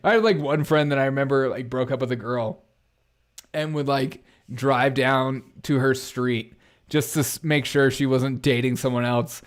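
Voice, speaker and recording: Guy ranting sarcastically on his stream, mid pitch, mocking the news. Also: normal speed. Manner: sarcastic, mocking, reacts to chat. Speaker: political commentary host. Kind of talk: casual live-stream commentary.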